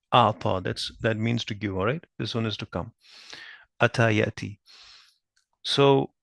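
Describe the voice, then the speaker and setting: A man's voice: medium pitch, gravelly, no room sound. A man teaching Arabic grammar, patiently explaining each point and checking understanding with frequent questions. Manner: spells out Arabic terms slowly. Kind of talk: explaining lesson at a whiteboard.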